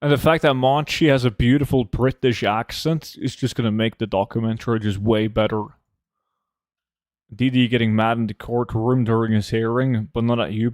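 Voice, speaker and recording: A man's voice: mid-range voice, no echo, clean studio sound. Joking young man in casual chat. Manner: joking, rambling, swears freely. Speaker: streamer. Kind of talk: casual gaming chat with friends.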